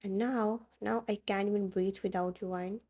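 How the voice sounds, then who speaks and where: A cold young husband, now broken and remorseful, his lines spoken low and heavy, as a woman reads them. The voice is mellow and warm, like a voiced storybook. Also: fairly even intonation, moderate pace, natural voice.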